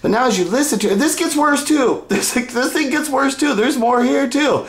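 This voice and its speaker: A man's voice: very high voice, moderate pace, echoey room. A man casually commenting on video clips, rambling with sighs, laughs and restarts.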